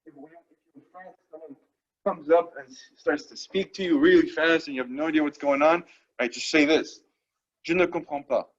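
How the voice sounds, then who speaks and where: A man's voice: a little high, fairly quick, muffled recording. A man teaching French vocabulary to a class, explaining each phrase patiently and checking in after each one. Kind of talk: classroom lesson.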